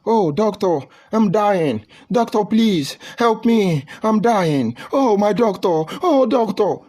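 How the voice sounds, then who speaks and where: A melodramatic male patient begs the doctor to save him, his cries pitched high and loud, as a man puts him on. The voice has a husky grain. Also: big pitch swings, a little slow, heavily acted. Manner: melodramatic pleading. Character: male patient crying out dramatically over a scratch.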